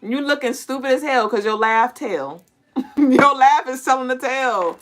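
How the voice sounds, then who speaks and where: A woman's voice: sits high, moderate pace. Blunt, profane woman giving a spiritual reading. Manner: blunt, profane, animated, with frequent laughs; addresses listeners directly as y'all and collective. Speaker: spiritual reader and podcast host. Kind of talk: casual collective intuitive reading.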